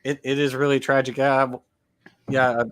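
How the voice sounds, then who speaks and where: A man's voice: mid-range voice, monotone, normal speed, fairly bright tone, smooth. Young man, interviewer, laid-back, short replies, casual chat.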